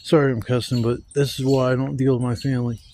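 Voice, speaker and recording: A man's voice: medium pitch, little pitch movement, quick pace, mellow, slight background noise. A man vlogging while camping in the woods, talking casually and swearing a lot as he gathers wood. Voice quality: profane, rambling, Southern-style speech. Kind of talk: casual outdoor vlog. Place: outdoors in woods. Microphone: camera mic, handheld gimbal.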